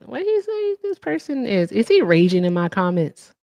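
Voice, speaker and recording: A woman's voice: fairly high pitch, very animated, moderate pace, darkish tone, no echo. Brief: woman livestream host, brash chatter, dry close sound. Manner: brash, chatty, curses freely, hums and sings filler. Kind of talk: casual livestream chat.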